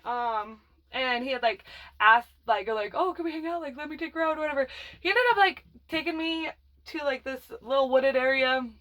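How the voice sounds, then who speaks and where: A woman's voice: high-pitched, fairly bright tone. A woman telling a personal story in a casual, blunt, profane way, rambling with fillers. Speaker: vlogger telling her life story.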